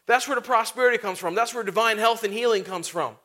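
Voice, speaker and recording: In this sermon, a male pastor speaks quickly in a clear, ringing voice that is high and bright. His style is conversational, sprinkling rhetorical questions and offhand asides between his points.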